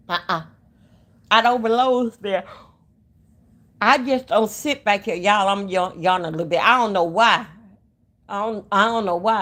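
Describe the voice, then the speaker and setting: A woman's voice: mid-range voice, vocal fry. A woman hosting a casual livestream, rambling and talking straight to her viewers. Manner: rambling, talks to chat directly. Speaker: livestream host. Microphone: phone.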